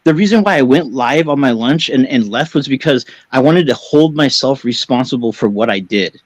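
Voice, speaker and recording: A man's voice: medium pitch, expressive, a little fast, hardly any pauses, no room sound, poor audio. A man talking as a caller on a live stream, agitated and defensive, swearing a lot and rambling as he justifies himself. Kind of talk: heated live-stream talk.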